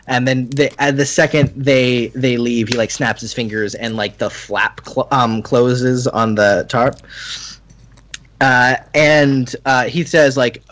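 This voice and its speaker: A man's voice: medium pitch, steady tone, slow pace, a bit bright. A man narrating as game master in a casual style, with many fillers and self-corrections.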